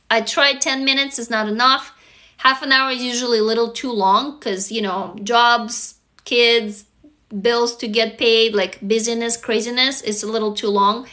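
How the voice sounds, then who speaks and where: A woman who grew up in Russia talks earnestly to her viewers on a live phone stream. Her voice sits a little high and sounds bright and clear. She coaches them step by step and keeps checking that they follow. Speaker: livestream host and author. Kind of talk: casual live-stream talk.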